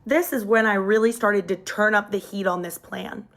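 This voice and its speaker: A young woman telling a personal story in a casual storytime, lively and jumping up in pitch when she quotes people, on a phone mic. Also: moderate pace.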